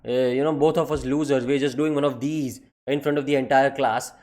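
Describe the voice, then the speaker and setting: A young man telling a comedic personal story in an animated, profane and exaggerated way. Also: medium pitch, a little fast.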